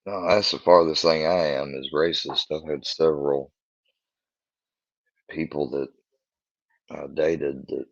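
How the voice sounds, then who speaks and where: A man live streaming from home in a casual chat, talking in a halting way as he searches for his words, on dull lo-fi stream audio. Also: extremely low pitch, fairly even intonation, dry recording.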